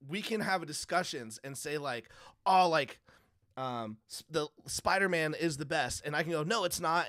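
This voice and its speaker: A man's voice: fairly high pitch, a bit bright, no room sound, clean studio sound. A man hosting a casual comics talk show, rambling through stories and acting out other people's lines with frequent laughs. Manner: rambling, laughs often, acts out quotes. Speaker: podcast host. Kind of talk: casual chat.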